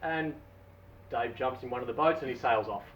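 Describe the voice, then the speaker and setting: A man casually telling a long shaggy-dog joke, playful and drawn-out, heard from a distance in a dull recording. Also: mid-range voice. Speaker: storyteller.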